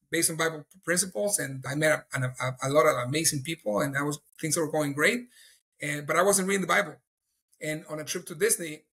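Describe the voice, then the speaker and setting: Middle-aged man, earnest testimony teller, fairly high, bright tone. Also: slightly rough. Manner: earnest, storytelling, acts out his own past thoughts. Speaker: guest telling his faith testimony. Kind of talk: personal testimony in an interview.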